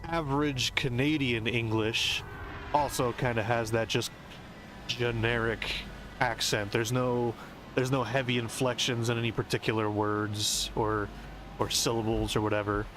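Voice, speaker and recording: A man's voice: mid-range voice, little pitch movement, unhurried, background noise. An American man streaming a game, rambling and musing as he explains things at length. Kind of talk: casual rambling commentary.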